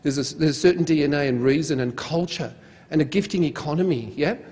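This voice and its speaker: A man from Mauritius with an Australian accent, giving an energetic conference talk and leading the audience. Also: fairly high pitch, fairly quick, slightly rough. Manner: energetic, chanting and leading the crowd. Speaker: conference speaker. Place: conference hall. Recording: long hall reverb.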